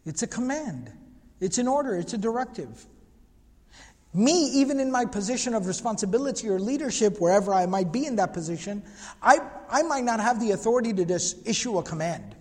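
Emphatic high-voiced man lecturing in a reverberant hall. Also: lively intonation, a little fast. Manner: emphatic, repeats phrases, rhetorical questions; recites Arabic phrases. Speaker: religious teacher. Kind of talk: lecture class on prophetic biography.

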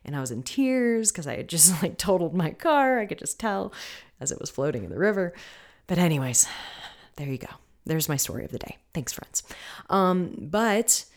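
A woman's voice: fairly low pitch, expressive, moderate pace. A woman hosting her own podcast, talking casually and coaching her listeners, often checking in with them. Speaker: podcast host. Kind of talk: casual solo podcast talk.

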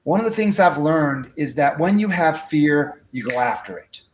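A man telling a story from his life as an interview guest, acting out the dialogue with lively energy. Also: on the high side, normal speed, echoey room. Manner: animated, acts out dialogue. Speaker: guest speaker.

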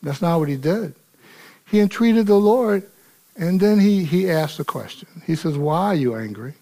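A man's voice: high voice, normal speed, dark tone. A male pastor preaching a casual, folksy sermon, acting out dialogue with rising intensity.

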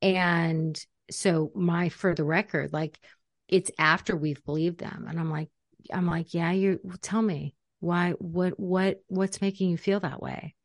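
A middle-aged woman, a parenting coach, talking casually and acting out quotes in animated voices. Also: lowish voice, measured pace, no echo, clean studio sound. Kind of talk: casual conversational talk.

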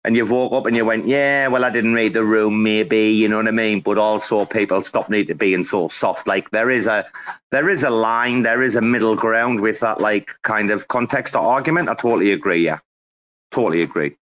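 A man's voice: fairly low pitch, brisk, fairly bright tone. A man hosting a casual live audio chat, boisterous, laughing often and swearing freely. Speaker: host.

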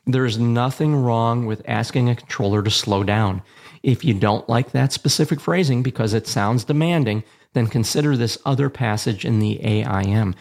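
A man hosting an instructional show on aviation radio communication, reading a measured, plain script with a dry touch of humor. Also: medium pitch, vocal fry, darkish tone. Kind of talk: scripted educational narration.

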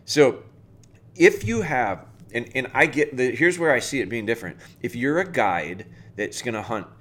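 A man's voice: mid-range voice, animated, moderate pace, fairly bright tone. A man hosting a dog training podcast, giving casual, plainspoken advice and talking the listener through everyday scenarios.

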